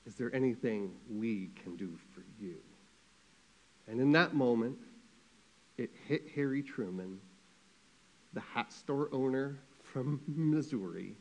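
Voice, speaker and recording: A man preaching a sermon as a pastor, telling a story in a lively, conversational way with quick asides. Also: mid-range voice.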